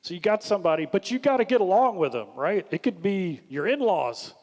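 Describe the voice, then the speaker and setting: A man speaks to a workshop audience, animated and coaching, often lifting his voice to act out the questions he recommends. His voice sits a little high for a man. The sound carries the long reverb of a large hall. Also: fairly quick. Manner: animated, acts out questions in a lifted voice. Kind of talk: leadership workshop talk.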